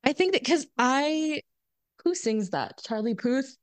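A woman co-hosting a podcast in casual chat, animated and acting out quoted lines. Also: sits high, unhurried, no room sound. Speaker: podcast co-host.

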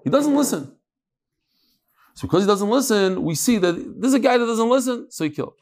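A man teaching a lively Talmud class, joking with his students and mixing in Hebrew and Yiddish terms. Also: sits high, brisk.

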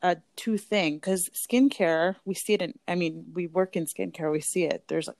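A woman's voice: fairly low pitch, normal speed, darkish tone, dry recording. A woman who works in skincare, speaking thoughtfully in a casual conversation and building on the points already made. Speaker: co-host working in skincare.

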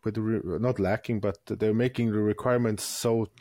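Hesitant low-voiced man, dry sound. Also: steady tone, moderate pace, warm tone, no echo. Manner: hesitant, searching for words. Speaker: podcast co-host. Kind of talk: casual chat.

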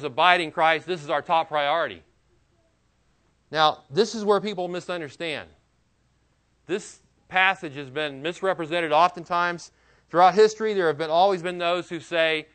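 Male pastor, sermon, emphatic, earnest, rhetorical questions, somewhat high-pitched voice. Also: sharp tone.

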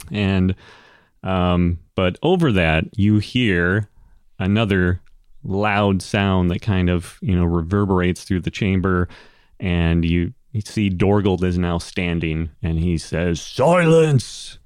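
A man with a very low, smooth voice narrates a tabletop game at an unhurried pace. His delivery is loose and rambling. He sounds close and dry, with no room around him. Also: no room sound. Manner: relaxed, rambling with fillers and laughs. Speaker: game master.

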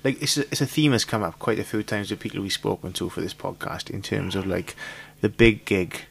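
A man's voice: fairly low pitch, fairly quick, gravelly, husky. A man hosting a podcast, asking the guest long, rambling questions full of "like" and "sort of.". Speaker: podcast host. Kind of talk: casual interview questions.

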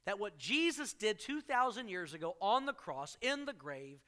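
A man preaching a sermon to a congregation, joking with the crowd and punching key lines with sudden loud emphasis. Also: high-pitched, big pitch swings, normal speed. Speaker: pastor.

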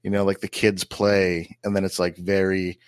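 Lowish-voiced man rambling in casual chat. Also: little pitch movement, normal speed, smooth, no room sound, studio quality. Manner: rambling, with many restarts and fillers. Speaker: podcast co-host.

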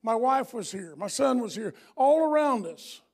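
A middle-aged man preaching a sermon, emphatic and repetitive, swinging from hushed lines to loud ones. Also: extremely high pitch, expressive, moderate pace. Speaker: pastor.

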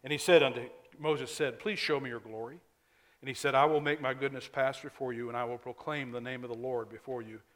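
A man's voice: mid-range voice, steady tone, brisk. Earnest preacher man. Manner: earnest, emphatic preaching with sudden drops to quiet asides. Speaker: pastor. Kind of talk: sermon.

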